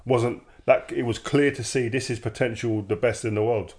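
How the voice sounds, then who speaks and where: A man, a former footballer telling stories in casual chat, animated, laughing and acting out quoted dialogue. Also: mid-range voice, moderate pace.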